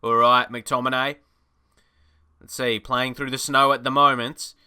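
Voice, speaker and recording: An Australian man giving casual, excitable commentary over a football management game, chatty and laughing often. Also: mid-range voice, a little slow, smooth. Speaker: gaming YouTuber.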